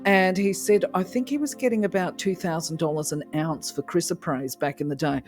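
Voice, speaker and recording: A woman hosting a crystal channel, telling a rambling story in a lively, casual way and acting out the dialogue. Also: lowish voice, fairly quick, faint music behind. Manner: animated, rambling, acts out quoted dialogue.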